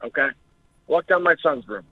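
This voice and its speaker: A man's voice: on the high side, expressive, moderate pace, no echo. A young man calling in to a talk show, telling his story in an emotional, jittery way and swearing often. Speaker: caller. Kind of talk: recounting an experience on a call-in show. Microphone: phone. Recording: tinny phone line.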